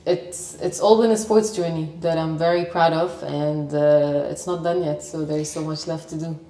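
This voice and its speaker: Lebanese woman guest, deep mellow voice, confident storyteller, roomy sound from a distance. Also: fairly even intonation, moderate pace. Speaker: sports presenter guest. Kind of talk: interview conversation. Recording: echoey room, mic at distance.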